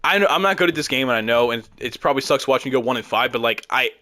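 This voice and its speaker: A young man commentating his own football video game, frustrated and exasperated, breaking into loud outbursts. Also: medium pitch, lively intonation, racing. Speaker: gaming YouTuber. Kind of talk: live gameplay commentary.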